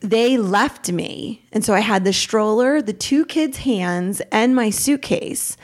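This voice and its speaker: Animated woman telling a painful story. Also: slow pace. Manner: animated, acts out quotes with pitch jumps. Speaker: podcast guest. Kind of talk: emotional personal storytelling.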